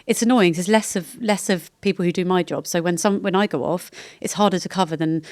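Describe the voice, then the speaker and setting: A British woman in her thirties talks candidly on a podcast, her words tumbling out at a quick clip. Her voice sits a little low, and she rambles and often breaks off mid-thought. The sound is close and dry, with no room echo. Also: a little mellow. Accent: British English. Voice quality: chatty, rambling, self-interrupting. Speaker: podcast guest. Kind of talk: candid casual chat.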